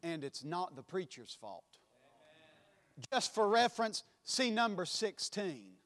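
A man preaching a sermon in a church, impassioned, swinging between loud and soft passages. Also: a little high, expressive, a little slow, long pauses. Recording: long hall reverb.

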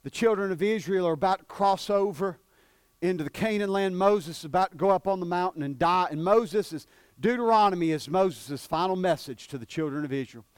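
A male preacher, delivering a sermon that swings between shouted peaks and hushed, drawn-out passages. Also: sits high, smooth, dry recording, clean studio sound.

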